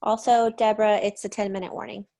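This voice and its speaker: A woman's voice: mid-range voice, flat delivery, fast, creaky, warm tone. A woman moderator on a video call making plain, brief announcements to the teacher. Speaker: workshop moderator.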